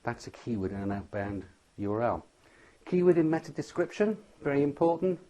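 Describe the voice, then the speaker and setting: A man's voice: medium pitch, very animated, a little fast, warm tone, lo-fi sound. A man giving a tutorial lecture on website ranking, stressing each point and often checking in with "okay?". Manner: emphatic, repeats "okay?" as a check-in. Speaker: SEO instructor.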